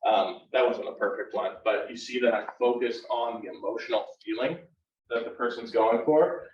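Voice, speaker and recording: A male counselor teaches a live workshop, explaining in a relaxed, conversational way and checking in with "right?" after each point. He sits back from the mic in an echoey room, and the recording sounds muffled and lo-fi. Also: lowish voice. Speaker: university counselor leading a workshop. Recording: roomy, distant and dull live room recording.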